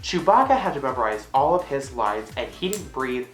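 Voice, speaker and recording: A woman's voice: rumbling low, big pitch swings, normal speed. Hyper sassy woman in an echoey room. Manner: hyper, sassy, bursts into loud squealed exclamations. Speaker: vlogger. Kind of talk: random comedic monologue to camera. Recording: echoey room, faint music.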